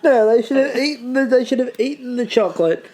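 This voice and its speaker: A man's voice: very high voice, fairly quick, darkish tone. An Australian man co-hosting a casual podcast, joking and laughing often as he chats. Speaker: podcast co-host. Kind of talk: casual chat.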